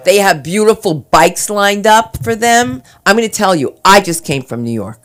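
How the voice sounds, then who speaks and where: A woman from New Jersey with a New Jersey accent, doing an open-mic stand-up set on a club stage, telling chatty stories and breaking into loud voiced impressions. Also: medium pitch, very animated, moderate pace, few pauses. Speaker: stand-up comedian.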